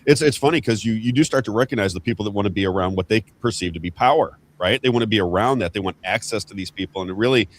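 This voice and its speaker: A man's voice: fairly low pitch, rapid-fire, few pauses. A man hosting a political talk show, chatting emphatically with a guest and often repeating himself as he talks. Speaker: host.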